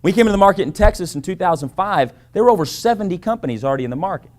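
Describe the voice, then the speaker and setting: A man with a fairly high voice delivers a sales pitch from a stage at a corporate event. He hammers his points home by repeating short phrases, and he keeps checking in with the crowd. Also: lively intonation, rapid-fire, darkish tone. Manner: emphatic, repeats key phrases with frequent "right?" and "okay?". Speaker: business presenter. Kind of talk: sales pitch to a live audience.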